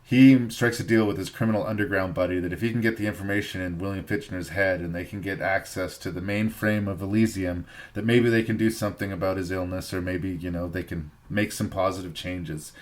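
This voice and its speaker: A man from Canada hosting a podcast, giving a thoughtful, measured film review in casual chat and repeating phrases for emphasis. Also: low-pitched, steady tone. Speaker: podcast host.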